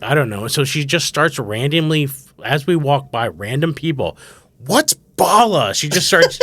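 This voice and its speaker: A man in his thirties hosting a podcast, chatting casually and telling comic stories, acting out the voices of the people he quotes. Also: medium pitch. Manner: animated storyteller, acts out quotes. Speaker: podcast host. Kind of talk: casual comedic chat.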